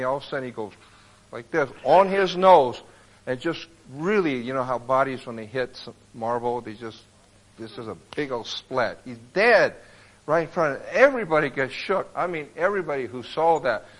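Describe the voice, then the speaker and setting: A man preaching a sermon, retelling a Bible story in a colloquial, animated way and acting out the people in it. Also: mid-range voice, poor audio.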